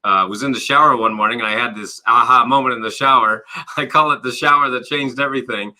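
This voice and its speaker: A man's voice: mid-range voice, fast talker. A man, a business coach and author, talking as an interview guest, with lots of "you know" and "right?" fillers and acted-out quotes. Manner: animated, explains with acted-out quotes and rhetorical questions. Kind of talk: conversational interview.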